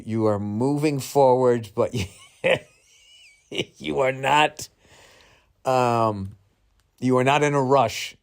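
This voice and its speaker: A middle-aged male comedian telling a rambling, profane, self-mocking story in a podcast monologue. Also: mid-range voice.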